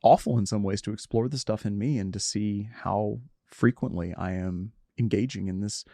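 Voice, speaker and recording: A middle-aged man, a podcast guest, telling a personal story in an earnest, candid way, often halting and restarting. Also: lowish voice, dark tone, no room sound, clean studio sound. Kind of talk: reflective conversational storytelling.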